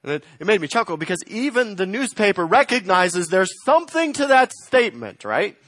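A man preaching a sermon, swinging between loud emphatic lines and quiet, slowed phrases. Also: high voice, very animated, dry recording, clean studio sound. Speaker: pastor.

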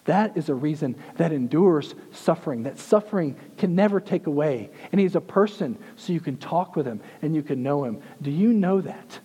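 A man in his thirties preaching a sermon, intense, moving between hushed and emphatic delivery. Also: on the high side, expressive, normal speed, hardly any pauses, slightly rough, in a large hall, rough recording.

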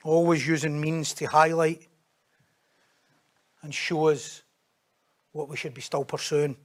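A man delivering a sermon with a notably high-pitched voice for a man. He talks in a lively, conversational way and often jumps into loud, raised bursts of emphasis. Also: takes it slowly. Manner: animated, acts out quoted voices, sudden loud high bursts. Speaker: preacher.

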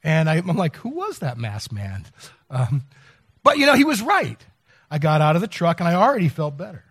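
A man's voice: on the high side, very animated, brisk, a bit bright, slightly rough. Rambling, self-interrupting male pastor. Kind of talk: sermon.

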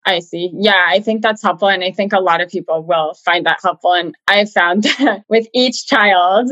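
A woman hosting an interview, friendly and quick with listener cues. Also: medium pitch, fairly bright tone, no room sound. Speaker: podcast host. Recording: dull lo-fi sound.

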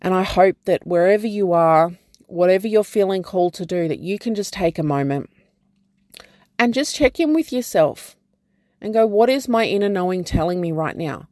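A woman talks slowly and gently in a reflective personal vlog, offering spiritual encouragement. Her voice sits low, and the recording is dry and close. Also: animated, dry recording. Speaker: program founder and guide.

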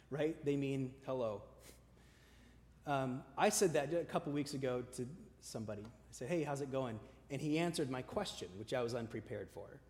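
A male pastor preaching a sermon with emphatic repeated lists, dropping to a soft conversational tone when he tells stories. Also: mid-range voice. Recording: long hall reverb.

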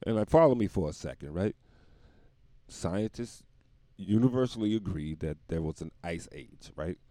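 Male comic host, lower voice that swings widely, dry close sound. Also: lively intonation, moderate pace, dark tone, dry recording. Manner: rambling, laughs at own jokes, swears constantly. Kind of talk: profane comic monologue.

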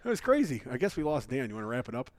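A man's voice: mid-range voice, very animated, very fast. A man co-hosting a podcast, joking and telling laid-back stories in casual banter. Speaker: podcast co-host.

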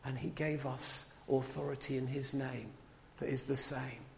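A man delivering a sermon, lively and conversational, with asides to the congregation. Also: mid-range voice, measured pace, creaky, a little hiss or hum. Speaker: preacher. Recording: long hall reverb.

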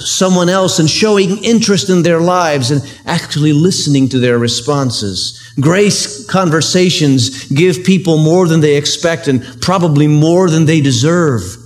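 A male pastor delivers a sermon in an earnest, conversational way, leaning on everyday examples. His voice sits a little higher than most men's. Faint music plays beneath his words. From United States.

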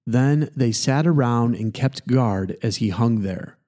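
A man, a pastor, reading scripture aloud in a steady, measured way. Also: mid-range voice.

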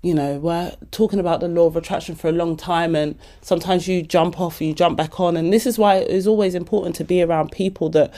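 A woman hosting a podcast, giving casual motivational talk in an animated, chatty way, laughing often. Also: on the low side, fast, few pauses. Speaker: podcast host.

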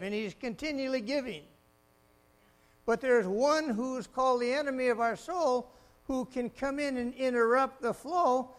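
A man preaching a sermon in an animated way, swinging from loud exclamations to quiet asides and laughing often. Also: very high-pitched. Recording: mains hum behind the voice.

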